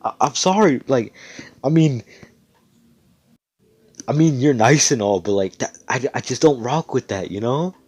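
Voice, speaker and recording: A man casually telling a made-up fan story, rambling, swearing often, and getting excited, over a computer mic on voice chat. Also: medium pitch, a little slow, long pauses, breathy edge.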